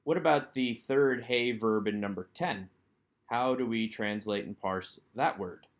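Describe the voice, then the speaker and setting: A man with a fairly low voice leads a recorded workbook lesson. He works through each item step by step, first posing a question and then answering it himself. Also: unhurried. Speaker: Hebrew instructor.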